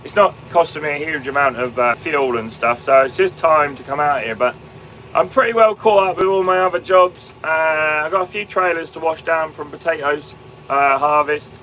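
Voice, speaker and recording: A man's voice: a little high, normal speed, sharp tone, slight background noise, low-quality recording. A young man with an English Fenland accent, chatting casually on a live stream from his tractor cab, with lots of ums and restarts. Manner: chatty, many ums and restarts, calls viewers mate and my man. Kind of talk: casual live stream chat, answering viewers. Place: inside a tractor cab in a field. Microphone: phone.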